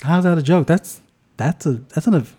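A man co-hosting a podcast in a casual movie-review chat, talking with many restarts and fillers and acting out quoted lines with big jumps in pitch. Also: moderate pace, mellow, slightly rough. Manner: lots of restarts and filler words. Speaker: podcast co-host.

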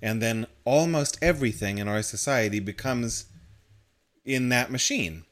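A man's voice: medium pitch, animated, moderate pace. A man co-hosting a casual discussion podcast, explaining ideas at length in a thoughtful way. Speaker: podcast co-host.

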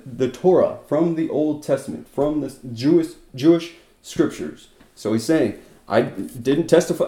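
A man teaching through a Bible passage, animated, acting out quotes with bursts of loudness and short laughs. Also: fairly high pitch, echoey room.

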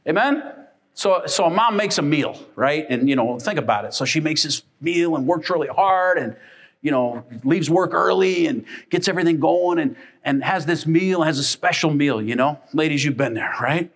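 A male pastor delivering a sermon in a high voice. He tells everyday family stories with lively energy and briefly plays the people in them. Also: moderate pace. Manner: animated storytelling, acting out family members.

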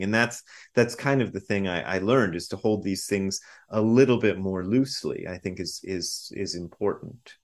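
Low-pitched male guest in his fifties, a Zen priest who talks in halting, self-correcting bursts and laughs easily. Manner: halting, repeats words, laughs often. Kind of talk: casual interview talk.

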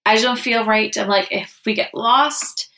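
A woman's voice: a little high, normal speed, bright, forceful tone. A woman co-hosting a paranormal podcast, telling stories in casual chat with lots of "like". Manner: chatty storyteller, many "like"s. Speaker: podcast co-host.

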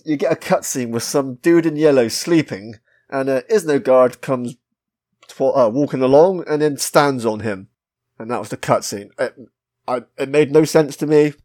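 His voice sits in the mid-range with a darkish tone and a normal speed. He's a British man hosting a relaxed podcast about a retro game, swearing freely and laughing at his own expense.

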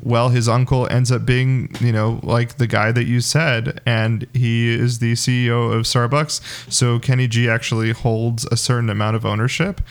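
A man hosts a relaxed sports podcast, teasing his co-host in a playful, easygoing way. His voice is ordinary and mid-pitched. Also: moderate pace, few pauses. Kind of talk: casual sports podcast chat.

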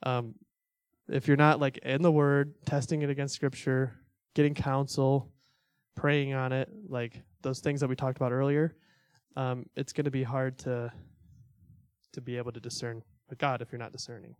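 A young man gives a relaxed church talk, loose and chatty, with fillers and small laughs scattered through. His voice sits at an ordinary middle pitch. The sound is close and dry, with no room around it. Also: normal speed, smooth, no echo. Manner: conversational, filler-heavy, self-deprecating laughs. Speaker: church teacher. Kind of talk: casual teaching talk.

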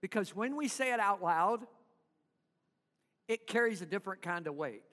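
A man's voice: high voice, lively intonation, moderate pace, pushed and bright, in a large hall. A man preaching a sermon to his congregation in church, calling for responses and having them repeat after him. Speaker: pastor.

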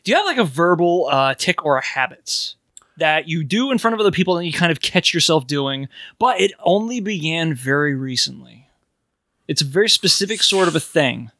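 High, bright-voiced joking man. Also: expressive, normal speed, dry recording. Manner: jokey, laughs often, wry asides. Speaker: podcast co-host. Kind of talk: casual chat.

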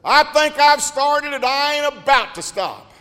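A man's voice: very high-pitched, expressive, a little slow, sharp tone, long reverb tail, voice pushed up, full character voice. A man voicing his heavily pregnant wife, who is fed up and upset, in a raised, drawling complaint. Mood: excited.

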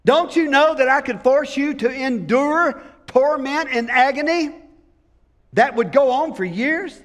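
A preacher doing a booming boastful devil. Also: male voice, a little slow, a bit bright, big-room sound. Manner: grandiose, booming threats. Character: boastful menacing male devil, proud and puzzled.

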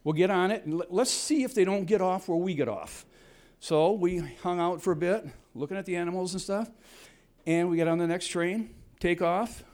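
A man's voice: sits high, normal speed, darkish tone. An older man telling a casual anecdote in a rambling way, chuckling and restarting sentences as he goes. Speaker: storyteller.

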